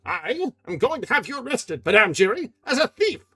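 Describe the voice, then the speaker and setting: A man's voice: very high-pitched, very animated, normal speed, pushed and bright, husky, faint music behind, pitched above the performer's own voice, heavily acted. A man reading aloud and voicing a hot-tempered male theatre manager who bellows accusations. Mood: blustering.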